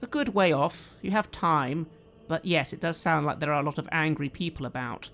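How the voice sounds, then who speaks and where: Guy running a tabletop game, calm measured narration, faint music behind. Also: on the high side, creaky. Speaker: game master.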